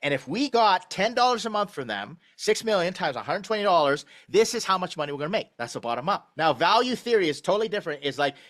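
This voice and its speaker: Blunt, animated middle-aged man critiquing. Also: fairly high pitch. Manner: blunt, animated, emphatic teaching. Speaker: pitch deck reviewer, startup advisor. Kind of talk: live online office-hours critique.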